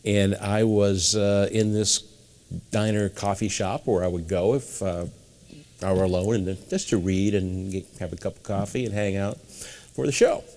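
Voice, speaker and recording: A man from New England with a fairly low voice spins long, winding anecdotes as an interview guest. He jumps into other people's voices as he tells them. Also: steady tone, moderate pace, a little mellow. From New England, USA. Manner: rambling anecdotal storyteller, acting out quoted voices. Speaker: guest mentalist. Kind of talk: storytelling interview.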